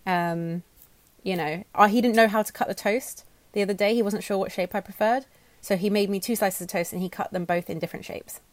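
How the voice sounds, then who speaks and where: A woman's voice: medium pitch, steady tone, fairly quick, no echo. A woman co-hosting a podcast, bantering casually with dry humour. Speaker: podcast co-host.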